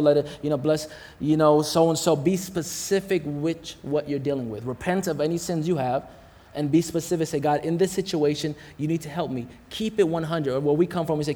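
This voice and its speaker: A man's voice: fairly high pitch, fairly quick, a little mellow. A man preaching a sermon in a casual, slangy way, calling out to the congregation, hot and sweating as he talks. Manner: casual, slangy preaching with call-outs to the crowd. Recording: long hall reverb.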